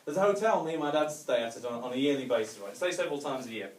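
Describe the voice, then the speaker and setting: A man's voice: medium pitch, lively intonation, very fast, slight background noise. Rambling stand-up comedian man. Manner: rambling, self-mocking, many fillers. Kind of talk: stand-up set. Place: hotel venue room with live audience. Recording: echoey room mic from a distance.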